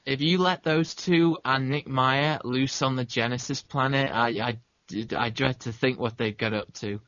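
A man's voice: mid-range voice, fairly even intonation, moderate pace, a bit bright, no echo. A man co-hosting a podcast in casual chat, making wry, dry remarks. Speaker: podcast co-host. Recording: dry, muffled lo-fi audio.

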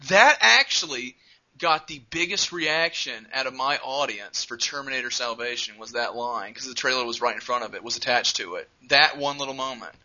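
A man co-hosting a casual movie chat, giving emphatic, animated opinions. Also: mid-range voice, moderate pace. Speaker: podcast co-host. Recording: dull lo-fi sound.

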